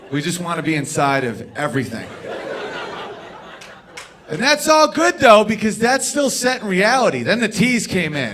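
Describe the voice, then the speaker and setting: Brash man doing loud stand-up. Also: sits high, wildly swooping pitch, moderate pace, long pauses. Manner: brash, loud bursts into shouting for bits. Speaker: stand-up comedian. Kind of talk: stand-up comedy set. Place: comedy club stage with live crowd.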